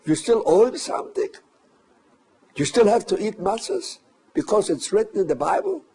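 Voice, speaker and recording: An older man voicing an angry, incredulous middle-aged German factory boss who shouts and scolds. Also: high voice, expressive, moderate pace, breathy edge, voice pushed up. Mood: demanding.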